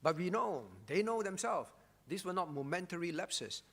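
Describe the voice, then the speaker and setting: Male pastor, high-pitched, emphatic sermon delivery with repeated phrases, long church-hall reverb. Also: animated, normal speed, creaky, a bit bright. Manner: emphatic, repeats key phrases, frequent rhetorical "all right?".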